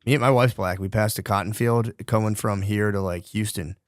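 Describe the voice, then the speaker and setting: A man's voice: lowish voice, steady tone, moderate pace, dry recording, studio quality. A man co-hosting a podcast in casual banter, laid-back and agreeable, laughing often. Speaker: podcast co-host.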